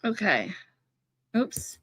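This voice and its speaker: A woman's voice: mid-range voice, sing-song, very slow, fairly bright tone, husky, no room sound. A woman hosting a casual livestream, chatting with viewers, swearing casually and laughing often. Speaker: livestream host. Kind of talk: casual livestream chat, reading chat.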